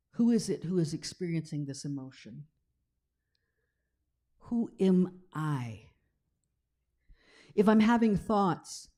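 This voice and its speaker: Mellow-voiced woman preaching a sermon. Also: fairly low pitch. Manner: conversational, checks in with "right?"; drops to a slow hushed tone for scripture passages. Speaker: minister. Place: church sanctuary.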